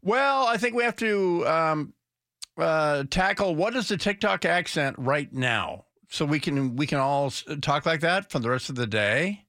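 A man hosting a talk radio show who rambles in opinionated banter, halting and restarting often. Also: fairly high pitch, lively intonation, bright, forceful tone, dry recording, studio quality.

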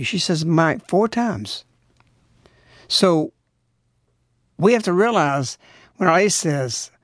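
A man's voice: fairly high pitch, expressive, takes it slowly, pauses often, no room sound, clean studio sound. Urgent, exhorting male radio preacher. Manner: urgent, exhorting, rising to pleading outbursts. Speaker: radio host.

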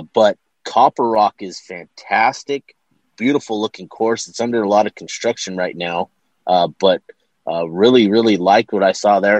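A man co-hosting a sports podcast, chatting casually and often pausing to search for words. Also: on the low side, no echo. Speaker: podcast co-host.

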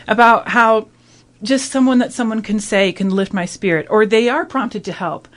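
A woman's voice: medium pitch, animated, moderate pace. A woman in her thirties hosting a radio talk discussion, speaking earnestly and reflectively. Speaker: radio host.

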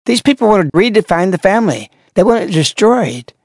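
A man's voice: high voice, sing-song, fairly quick, a little mellow, no echo, studio quality. An older man, a religious broadcaster, commenting sarcastically and mockingly on clips he plays.

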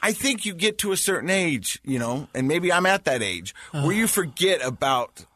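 Animated storytelling dad in his forties. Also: fairly high pitch, normal speed, dry recording. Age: 40s. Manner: animated storytelling, laughs often. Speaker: podcast host. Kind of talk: casual podcast chat.

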